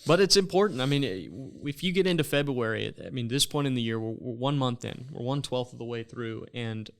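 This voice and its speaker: A man with a smooth, resonant voice coaching listeners on a sales podcast. He lays out his points earnestly at an even mid pitch and laughs easily at his co-host's jokes. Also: a little fast. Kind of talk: casual podcast chat.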